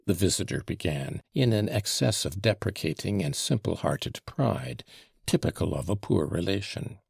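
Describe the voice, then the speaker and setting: A man narrating a classic novel as an audiobook in a measured, descriptive manner. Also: low-pitched, lively intonation, gravelly, husky, no echo, clean studio sound. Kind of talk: scripted narration.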